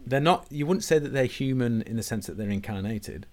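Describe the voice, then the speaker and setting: A man, hosting a conversation and explaining ideas in a measured way, often dropping low and quiet at the ends of phrases. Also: lively intonation. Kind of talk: conversational discussion.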